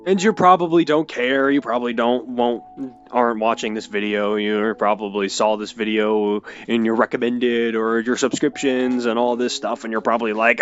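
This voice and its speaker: A young man telling an emotional personal story, halting and hesitant with many restarts. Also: mid-range voice, steady tone, highs cut off, soft background music. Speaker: video creator.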